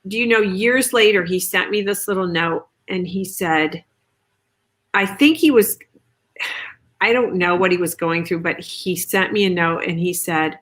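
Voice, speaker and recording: A woman author chatting on a video call, telling stories in a lively way and acting out quoted lines. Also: lowish voice, unhurried. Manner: chatty, animated storytelling with quoted asides. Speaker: author guest. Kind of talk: casual video chat.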